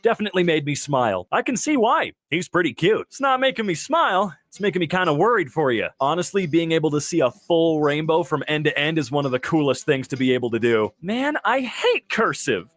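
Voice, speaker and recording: Man, slightly high voice, very animated pitch, casual commentary, joking asides. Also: fairly quick, hardly any pauses, no room sound. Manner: jokey asides after each reading. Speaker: host reacting to wholesome posts. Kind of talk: casual commentary, reading captions aloud.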